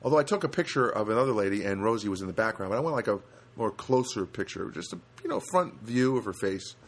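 A man's voice: lowish voice, lively intonation, fast. An older man telling stories in a casual, rambling monologue, with lots of restarts and asides.

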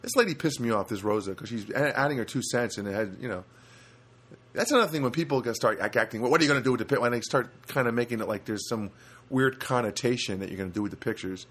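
Older male storyteller, casual and rambling, animated pitch, average register. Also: fast, husky. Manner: rambling, many restarts and asides.

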